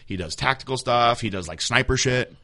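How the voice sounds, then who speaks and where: Fast-talking bright-voiced man. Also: medium pitch. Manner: animated storyteller, swears freely, acts out quotes. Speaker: podcast co-host. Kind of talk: casual chat.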